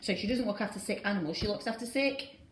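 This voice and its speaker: A Northern English woman teacher reading with a young pupil, patient and encouraging, slowing down to model words. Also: mid-range voice. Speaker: primary school teacher. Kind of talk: guided reading with a child. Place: classroom. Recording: roomy classroom with faint background noise.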